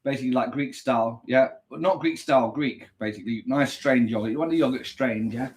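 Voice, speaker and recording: A man's voice: medium pitch, brisk, darkish tone, breathy edge. A man talking in a casual vlog, crude and exaggerated, swearing constantly. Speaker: vlogger. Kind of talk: casual rant and food vlog.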